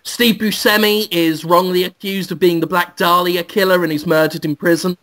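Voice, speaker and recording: A man's voice: high voice, normal speed, pushed and bright. A man hosting a podcast, rambling gleefully through a crude improvised comic story. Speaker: podcast host.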